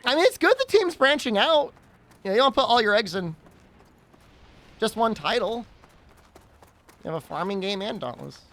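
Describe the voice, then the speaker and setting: A man's voice: high-pitched, very animated, normal speed, pauses often, sharp tone. A man streaming a game, chatting casually and rambling, with frequent giggles and teasing. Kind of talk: casual gaming stream chat.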